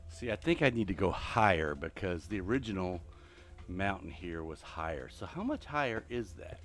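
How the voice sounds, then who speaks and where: A middle-aged man streaming a building game live while walking on a treadmill, out of breath, muttering counts to himself between loud chatty asides to his viewers. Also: low-pitched, animated, normal speed, faint music behind. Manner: mutters block counts under his breath, then chats loudly to viewers. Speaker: gaming streamer.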